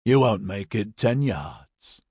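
A jaded, gloating man taunts his captors in a low, smug, mocking voice, as a male audiobook narrator puts him on. The reading is dry and close, with no room sound. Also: lively intonation, normal speed, a little mellow, slightly rough, no echo. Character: jaded, gloating adult man under arrest.

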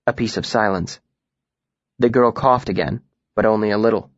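A man reading a first-person fantasy story aloud as an audiobook narrator, in a measured, even way. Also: lowish voice, no echo. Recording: dull lo-fi dry recording.

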